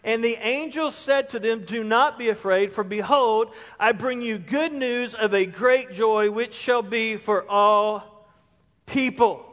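High-voiced male pastor, emphatic sermon delivery, long church-hall reverb. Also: a little slow, a bit bright. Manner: emphatic, rising to stress key words. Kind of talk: sermon with scripture reading. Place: church sanctuary.

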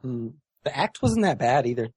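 A man co-hosting a casual podcast chat over a remote call, playful and teasing, now and then breaking into excited squeals. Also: medium pitch, moderate pace. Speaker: podcast co-host. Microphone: remote call mic.

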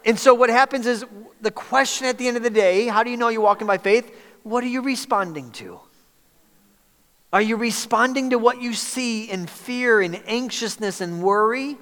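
Male pastor, middle-aged, high voice, conversational sermon, long hall reverb. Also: moderate pace, a bit bright. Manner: conversational preaching, call-and-response questions to the congregation. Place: church hall with a congregation.

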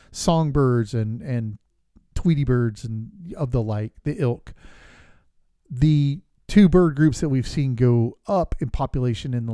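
A man's voice: medium pitch, mellow, dry recording, clean studio sound. A man hosting a podcast, talking casually and with firm opinions, stopping and restarting his sentences. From Florida. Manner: conversational, opinionated, with fillers and restarts. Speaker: podcast host. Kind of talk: casual advocacy talk.

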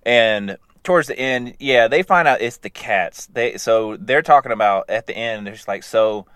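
A man casually recapping animated episodes in a loose, rambling way, chuckling as he goes. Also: mid-range voice, normal speed, smooth, no echo.

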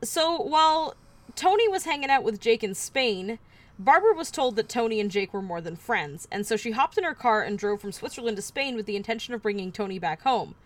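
A woman's voice: fairly high pitch, expressive, fairly quick. A woman podcast host telling a true-crime story in casual chat, wry with offhand asides.

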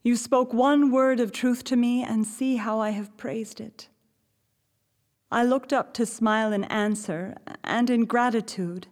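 A woman reading a diary excerpt aloud as scripted podcast narration, slow, measured and reverent. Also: on the high side, big-room sound. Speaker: podcast reader.

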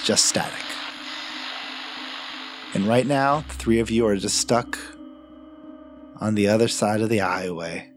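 Male game master, measured horror storytelling, music bed behind. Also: fairly low pitch. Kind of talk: narrating a tabletop horror game.

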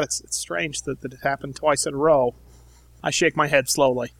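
A man's voice: mid-range voice, steady tone, normal speed, creaky, a bit bright, no echo. A man playing a tabletop game, describing his character with wry sarcasm. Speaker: player.

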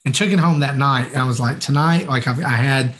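A man telling a story on a podcast in a relaxed, chatty way, with plenty of fillers. He acts out the lines people said in the story. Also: medium pitch, a little fast. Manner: animated, acts out quoted dialogue, many fillers. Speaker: podcast co-host. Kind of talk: casual anecdotal storytelling.

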